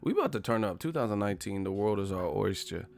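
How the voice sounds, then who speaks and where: A man's voice: lowish voice, lively intonation, quick pace, vocal fry, darkish tone. A man hosting a casual livestream chat, talking in slang, laughing often and putting on mock voices. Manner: laughs a lot, slangy, does mock voices of movie characters. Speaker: livestream host.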